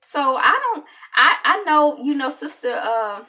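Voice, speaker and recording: Rambling woman with a bright voice. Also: sits high, measured pace, distant mic. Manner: rambling, animated, with many restarts and acted-out quotes. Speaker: online show host. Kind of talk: casual opinion talk.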